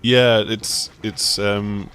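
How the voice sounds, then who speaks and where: A man's voice: on the low side, flat delivery, extremely slow, fairly bright tone, soft background music. A man hosting a casual video game chat, talking in a rambling, enthusiastic way. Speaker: gaming site host.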